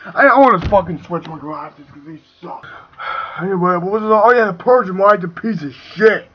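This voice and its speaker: Young man, very high voice, angry profane rant, lo-fi muffled sound. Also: animated, normal speed, breathy edge. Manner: profane, ranting, swings between shouting and muttering. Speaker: video reviewer. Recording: dull lo-fi home recording.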